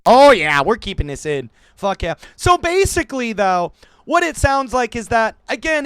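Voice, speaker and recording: A man reading news stories aloud and ranting about them in a profane, animated commentary for his channel, recorded on a desk microphone at home. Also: high voice. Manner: animated, swearing, laughing, ranting. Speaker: political commentary YouTuber. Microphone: new desk microphone.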